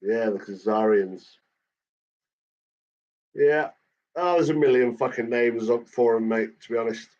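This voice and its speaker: A man rants through a casual catch-up, cursing in nearly every line. His voice sits at an ordinary middle pitch. The recording sounds dull and lo-fi. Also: measured pace, long pauses, a little mellow. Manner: swears constantly, ranting. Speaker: channel host. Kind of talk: casual chat.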